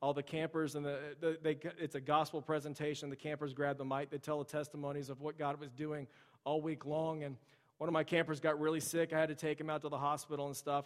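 Male pastor, 30s, conversational sermon delivery, slightly high voice, large reverberant church. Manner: conversational, storytelling, addresses the congregation directly. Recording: long reverb of a large hall.

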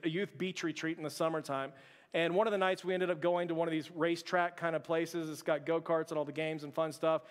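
A man preaching a sermon as a pastor, telling a personal story with humor, and dropping to a hushed voice for his quoted thoughts. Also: fairly high pitch. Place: church sanctuary. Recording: church hall with long reverb.

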